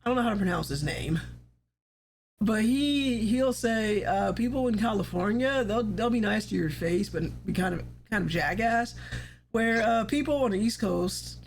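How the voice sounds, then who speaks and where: A woman's voice: mid-range voice, expressive, moderate pace, slight background noise. A woman hosting a casual livestream chat, rambling along, laughing often and swearing casually. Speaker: livestream host.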